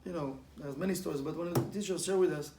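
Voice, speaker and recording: Guy teaching kabbalah stuff, high voice, lively, laughs a lot, echoey room w/ a little hiss. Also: fast. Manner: animated, laughs often, acts out quotes and sound effects. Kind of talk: informal spiritual lesson with storytelling. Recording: echoey room with faint ambient noise.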